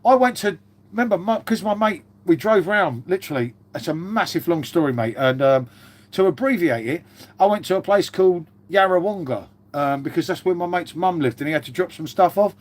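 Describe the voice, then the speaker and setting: A man's voice: high voice, lively intonation, fairly quick. A man in his fifties hosting a casual live stream, rambling through stories, swearing freely and calling everyone mate. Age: 50s.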